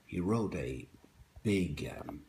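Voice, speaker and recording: A man chats casually to a live audience from his home kitchen, his voice very low and his pace unhurried. He greets viewers one by one and wanders a little as he talks. A faint hiss of background noise sits under the recording. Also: lively intonation, creaky, darkish tone. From Ireland. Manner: greets viewers by name, rambling and hesitant. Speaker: host of a live poetry stream. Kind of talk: casual live-stream chat. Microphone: phone.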